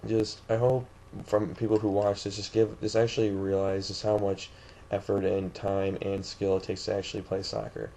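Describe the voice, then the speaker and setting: A young man from the St. Louis area rants indignantly in a vlog, rambling and restarting often. His voice is low, monotone and dark, at a moderate pace, with slight background noise.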